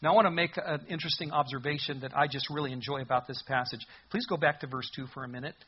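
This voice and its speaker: A man preaching a sermon as a pastor, animated, acting out the voices from the passage as he goes. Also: a little high, fast talker, highs cut off, a little hiss or hum.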